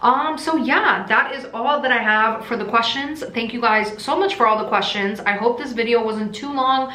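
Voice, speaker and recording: A woman's voice: a little high, normal speed, sharp tone. A woman from Russia who runs a crystal shop, chatting casually and rambling a bit while answering viewer questions in a vlog; she tends to mumble. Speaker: crystal shop owner and vlogger. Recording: roomy echo.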